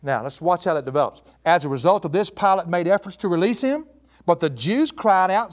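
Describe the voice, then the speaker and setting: Animated high-voiced male preacher. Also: fairly quick. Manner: animated, asks the listeners questions and calls them folks. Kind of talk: expository sermon.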